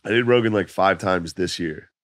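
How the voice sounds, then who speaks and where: Deep-voiced man, hoarse, laid-back storyteller. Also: moderate pace, dry recording. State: losing his voice. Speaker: comedian guest. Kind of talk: casual podcast chat.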